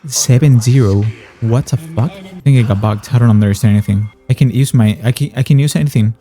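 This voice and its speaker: A man's voice: mid-range voice, expressive, fairly quick, dark tone, faint music behind. A young man giving frustrated, sarcastic gameplay commentary, swearing often. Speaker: gaming YouTuber.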